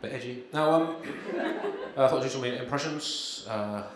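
A man doing a stand-up comedy set with a dry, halting delivery full of ums and uhs, performed live. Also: mid-range voice, noisy background. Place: live comedy venue, in front of an audience. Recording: echoey live room with crowd.

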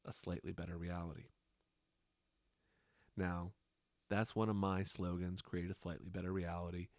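Slow, soft-spoken man with a deep voice. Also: no echo. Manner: unhurried, soft-spoken, hypnotic pauses. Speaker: podcast host and hypnotherapist. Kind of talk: slow reflective monologue.

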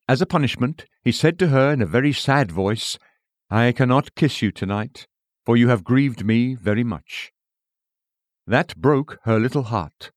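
A man's voice: medium pitch, no echo, clean studio sound. A man reading an old-fashioned sermon aloud in an earnest, pleading manner. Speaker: preacher. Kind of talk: read sermon.

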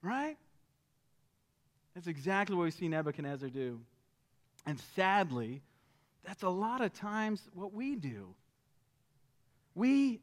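A man preaching a sermon as pastor, animated and conversational, often checking in with "right?". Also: high voice. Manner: animated, rhetorical, keeps asking "right?".

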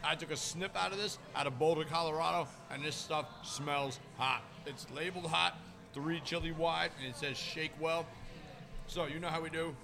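A man with a slightly high voice introduces the show and reviews a sauce. He speaks in short, plain sentences with simple verdicts. The tone is that of a casual podcast host. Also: steady tone, moderate pace, vocal fry.

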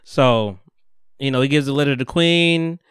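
Smooth-voiced man telling a profane recap. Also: mid-range voice, moderate pace, no room sound, studio quality. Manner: animated storyteller, profane slang, acts out quotes. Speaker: podcast host. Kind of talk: casual chat, recapping a TV episode.

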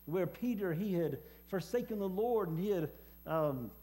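A man preaching a personal testimony sermon, speaking haltingly with many fillers and repeated words. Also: sits high, expressive, warm tone. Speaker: preacher and former hospice chaplain.

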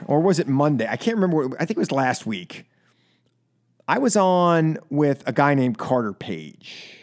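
Lively, animated male radio host. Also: a little high. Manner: animated, rambling with fillers. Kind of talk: casual radio chat.

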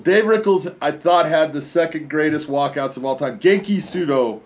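A man's voice: on the high side, normal speed. A man co-hosting a casual combat-sports talk show, telling stories animatedly and laughing often. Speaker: co-host, fight commentator. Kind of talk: casual chat.

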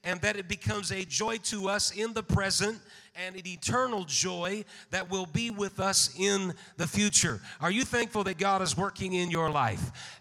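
A man preaching a sermon in a church sanctuary, speaking in a measured way and calling out amen. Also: high voice, pushed and bright. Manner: measured, slows for scripture readings, calls out amen. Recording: long hall reverb.

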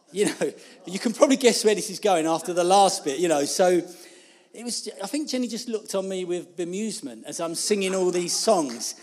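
A man preaches in a loose, conversational way. His voice sits a little high for a man, and he keeps laughing through self-deprecating asides. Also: darkish tone. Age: 50s. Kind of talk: informal sermon.

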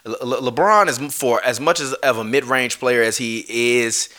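A man's voice: medium pitch, normal speed, bright, forceful tone. A man ranting on a live stream, heated and swearing, often breaking off to apologize. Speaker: streamer ranting about basketball.

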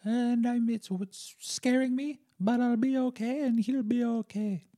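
Man doing a high falsetto protective mom. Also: fairly even intonation, measured pace, dark tone. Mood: shaky, worried. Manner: profane threats, then shaky worry. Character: fiercely protective middle-aged mother.

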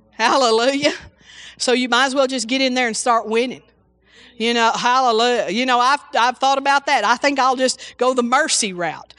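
A woman's voice: on the high side, a bit bright, no echo. A woman preaching an informal sermon, exclaiming hallelujah often and restarting her sentences.

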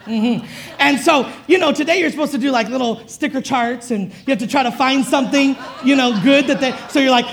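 A woman's voice: high-pitched, fairly quick, gravelly, a faint crowd. A woman preacher giving a sermon in a conversational, chuckling way and drawing the congregation in.

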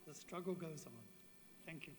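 An older woman giving a farewell university lecture in an earnest, measured way, with frequent restarts. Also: low voice. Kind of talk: public lecture. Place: lecture hall. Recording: reverberant hall with faint background noise.

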